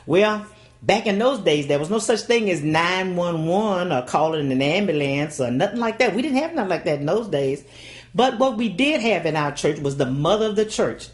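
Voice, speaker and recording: Older southern lady telling stories, low voice, lots of ups and downs, real dramatic. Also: expressive, normal speed. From Louisiana, USA. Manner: folksy, dramatic delivery with acted-out voices. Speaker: storyteller. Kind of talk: oral storytelling.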